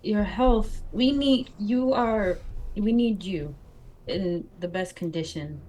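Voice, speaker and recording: A woman at a tabletop game table, talking casually in a playful, giggly way. She hesitates with fillers while speaking at a middle pitch. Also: slow pace, darkish tone, low-quality recording.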